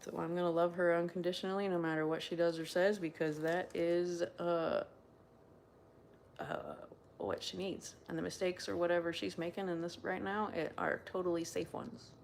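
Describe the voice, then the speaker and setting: A woman talking through her feelings in a casual solo check-in, candid and rambling, swearing freely and sometimes dropping to a hushed voice. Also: lowish voice, moderate pace, gravelly, slight background noise. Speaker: video diarist.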